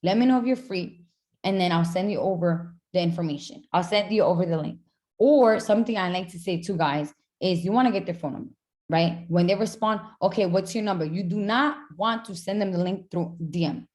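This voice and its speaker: A woman teaching her team on a group call how to invite people, checking in with "right?" after nearly every point and acting out sample messages in a brighter, upbeat tone. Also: on the low side, brisk. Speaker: network marketing team trainer. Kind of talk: casual instructional talk on a group call.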